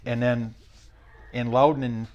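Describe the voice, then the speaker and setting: A man in his sixties, a retired race car driver as a podcast guest, telling stories in a blunt, rough-spoken, rambling way. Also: mid-range voice, little pitch movement, unhurried, muffled recording. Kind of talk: casual storytelling interview.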